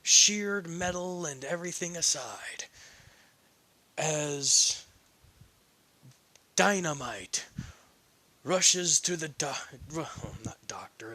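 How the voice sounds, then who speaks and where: A man narrates a fan story in a loose, chatty way, breaking off to correct himself and add side comments. He speaks slowly, his voice is bright, and his pitch swings around a lot. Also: expressive. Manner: rambling, self-correcting, chatty asides. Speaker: fan fiction reader.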